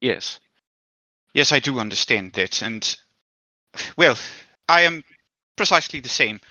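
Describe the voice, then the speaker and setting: A man playing a courteous, scheming gentleman. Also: medium pitch, lively intonation, measured pace, dry recording, poor audio. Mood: persuasive. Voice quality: formal and courteous, with hesitant restarts. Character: polite, scheming man making a grave request. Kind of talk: role-playing a character in a tabletop game.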